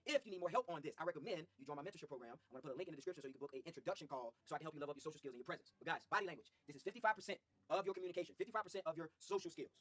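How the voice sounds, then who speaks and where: A male social skills coach lectures his audience of men in a slangy, preachy way. He talks very fast in a husky voice that sits high for a man, and soft music runs underneath. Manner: slangy, preachy, addresses the men watching as "fellas". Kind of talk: motivational video talk.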